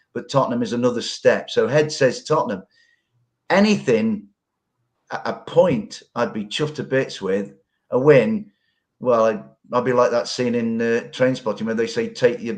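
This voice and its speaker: Earnest, rambling man. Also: medium pitch. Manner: earnest, rambling, colourful phrasing. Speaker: football pundit guest. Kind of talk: casual football podcast chat.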